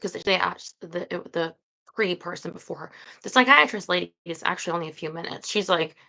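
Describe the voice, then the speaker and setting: A woman's voice: lowish voice, a little fast, gravelly, bright, forceful tone, low-quality recording. A woman hosting a book-reading livestream, chatting casually to viewers in a rambling, hesitant way with many fillers.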